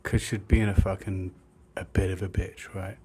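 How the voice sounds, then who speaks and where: A man's voice: deep voice, flat delivery, normal speed, mellow, breathy edge. A young man telling a rambling, sweary story, with lots of filler words. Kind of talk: casual storytime monologue.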